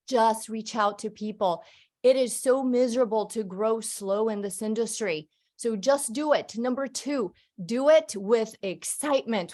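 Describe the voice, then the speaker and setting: A woman gives a motivational talk as a guest on a conference call. Her voice sits a little high, and her delivery is energetic and emphatic, full of upbeat conviction. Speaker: guest speaker.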